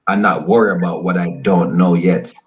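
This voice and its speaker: A Jamaican man chats as a guest on a radio show, hammering his points home with repetition. His voice sits on the low side. The line sounds dull and lo-fi, like a remote call. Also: fairly even intonation, normal speed, crowd noise. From Spanish Town, Jamaica. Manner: emphatic, repetitive preaching cadence. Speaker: guest musician. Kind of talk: casual radio interview.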